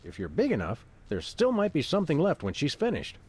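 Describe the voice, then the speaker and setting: An actor voicing a calm, verbose dog detective in a video game, with a deadpan, wordy delivery. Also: male voice, on the high side, a little fast, a little hiss or hum.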